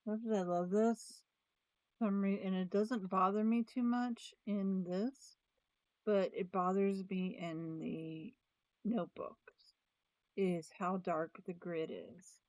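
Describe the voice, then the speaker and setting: A woman's voice: medium pitch, fairly even intonation, slow, a little mellow, no room sound, poor audio. A woman vlogger chatting casually about planners, thinking aloud with restarts and trailing sentences. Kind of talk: casual chat.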